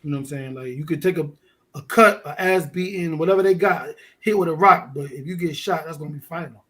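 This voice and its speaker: Animated New man telling a story. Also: fairly high pitch, a little fast. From Fort Greene, Brooklyn. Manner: animated, profane street storytelling. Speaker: guest. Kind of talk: casual storytelling.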